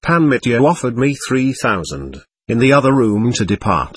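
A husky-voiced man reading the lines of a proud, touchy nobleman who speaks pompously in an audiobook. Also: medium pitch, very animated, moderate pace, no room sound, clean studio sound. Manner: pompous, offended dignity.

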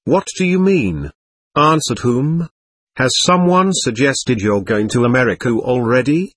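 A man reading an audiobook, voicing a calm, mild young man who questions gently. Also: medium pitch, measured pace, slightly rough, no echo, studio quality. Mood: questioning.

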